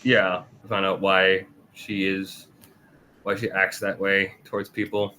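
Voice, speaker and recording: A man's voice: completely flat delivery, a little slow, sharp tone, slight background noise. A man co-hosting a casual review chat, often laughing and acting out character lines. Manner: laughs often, acts out character quotes with raised pitch. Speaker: podcast co-host.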